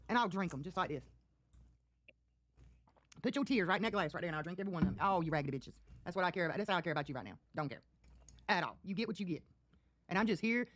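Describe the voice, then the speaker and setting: A woman's voice: fairly low pitch, lively intonation, fast talker, pauses often. A woman on a livestream, taunting and gloating while swearing freely. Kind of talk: casual livestream talk.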